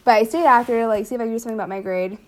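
A woman's voice: fairly high pitch, rapid-fire. Chatty young woman recounting a story. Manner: chatty, many fillers, laughs often. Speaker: older sister telling her story. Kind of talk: casual conversation.

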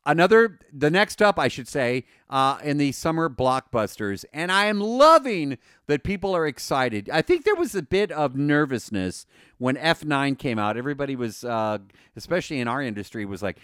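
A man co-hosting a podcast, talking casually and excitedly with many fillers and restarts. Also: medium pitch, a little fast, smooth, no room sound, studio quality. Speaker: podcast co-host.

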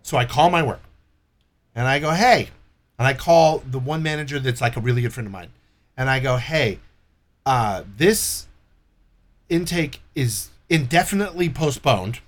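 A man's voice: mid-range voice, normal speed, pauses often. A man telling a long story in casual chat, swearing a lot and acting out what people said. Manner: animated, swears a lot, acts out quoted voices. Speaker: storyteller guest.

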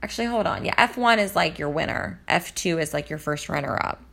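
A woman with a lowish voice and a lot of vocal fry, talking in casual chat. She rambles on about reality TV in a gossipy tone. Her talk is full of fillers. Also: animated, a little fast, a bit bright. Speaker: reality TV commentator.

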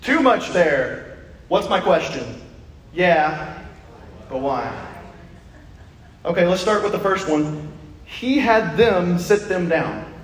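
A man preaching a sermon in a church, playful and animated, acting out little asides. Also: high voice, takes it slowly, long pauses. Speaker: pastor. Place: church sanctuary. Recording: echoey hall, mic from a distance.

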